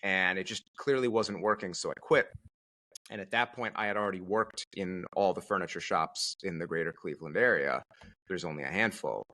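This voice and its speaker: Male podcast guest with a bright, forceful voice and a slightly low pitch, animated storyteller. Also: a little fast. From Connecticut, USA. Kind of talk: casual conversational storytelling.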